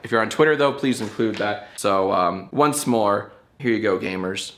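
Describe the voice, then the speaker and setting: A man's voice: normal speed, a bit bright, slight background noise. Playful male YouTube host. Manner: playful, jumpy pitch, spells things out. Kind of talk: casual talk to camera.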